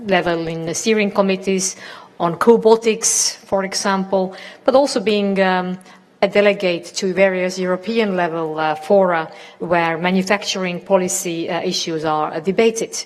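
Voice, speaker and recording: A woman's voice: on the low side, steady tone, normal speed. Woman moderator, chatty, introduces speakers, long hall reverb. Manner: chatty, warm asides, many fillers. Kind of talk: moderating a panel. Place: conference hall.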